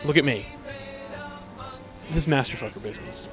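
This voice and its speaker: A man's voice: fairly bright tone, soft background music, lightly acted. A man putting on a stern father who gives his grown son a grave lecture. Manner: grave, deliberate, low.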